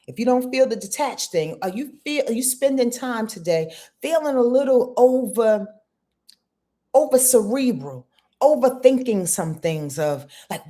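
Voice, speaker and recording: A woman's voice: on the high side, animated, measured pace, mellow. A woman astrologer hosting a live-stream forecast, talking straight to her viewers with emphatic repeats and rhetorical questions. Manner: talks straight to viewers in chat. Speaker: astrologer host.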